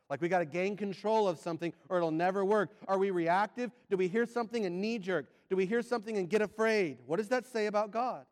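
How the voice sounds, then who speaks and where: A man preaching a sermon, firing rhetorical questions and swinging between loud and hushed delivery. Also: sits high, fast, few pauses, long reverb tail.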